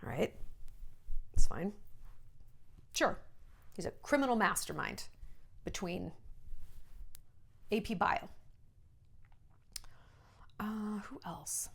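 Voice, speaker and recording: A woman and former entertainment journalist giving a blunt, animated gossip monologue, often slipping into mocking voices. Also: mid-range voice, takes it slowly, vocal fry, long pauses, breathy edge. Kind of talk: casual celebrity gossip monologue.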